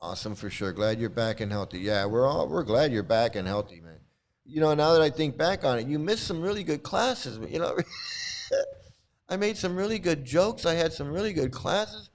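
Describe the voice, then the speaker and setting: A man's voice: a little high, expressive, moderate pace. A man on a live stream reading quotes aloud and commenting on them with scorn, sometimes bursting out in anger and swearing. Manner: angry outbursts with swearing.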